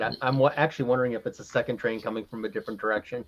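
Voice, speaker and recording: A man chatting quickly and casually over a call, dropping friendly comments. His words come fast. The audio is dull and lo-fi, like a muffled call line. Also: medium pitch, fairly even intonation, slight background noise. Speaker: guest on a call. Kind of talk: casual chat.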